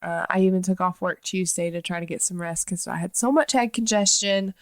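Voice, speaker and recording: A woman's voice: lowish voice, fairly even intonation, a little fast, dry recording. A woman co-hosting a podcast, chatty and apologetic, with a stuffy, nasal voice from allergies. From Texas. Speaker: podcast co-host. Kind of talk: casual chat.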